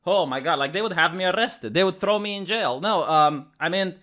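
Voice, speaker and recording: A man with a Romanian accent doing sarcastic news commentary, mock-outraged and swinging between loud outbursts and hushed asides. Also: high-pitched, animated, a little fast, hardly any pauses. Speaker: commentary host.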